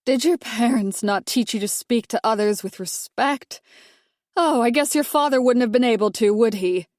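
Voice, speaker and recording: A woman's voice: on the high side, normal speed, a little mellow, dry recording, pitched above the performer's own voice, lightly acted. Woman reading as a snooty older mother-in-law, cutting and condescending, dry close sound. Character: sharp-tongued older mother-in-law, disdainful.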